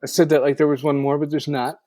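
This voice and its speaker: A man's voice: a little high, little pitch movement, fast talker, warm tone, no echo, clean studio sound. A man co-hosting a podcast in casual chat, rambling and correcting himself as he goes. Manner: rambling, self-correcting, wraps up with offhand plugs. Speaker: podcast co-host.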